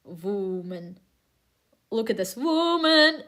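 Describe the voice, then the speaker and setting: A woman artist casually commenting on her own comic while streaming, with excitable, dramatic outbursts. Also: on the high side, takes it slowly.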